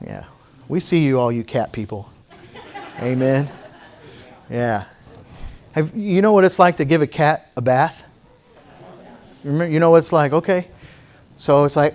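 A man's voice: fairly high pitch, expressive, a little slow, pauses often, a little mellow. Man preaching a folksy, fervent sermon. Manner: folksy, playful storytelling that builds to fervent preaching. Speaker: pastor.

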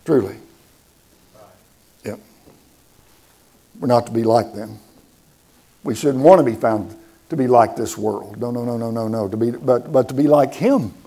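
A man's voice: medium pitch, measured pace, pauses often, warm tone, slightly rough. A man preaching a sermon, emphatic and repeating words for stress, asking the congregation questions.

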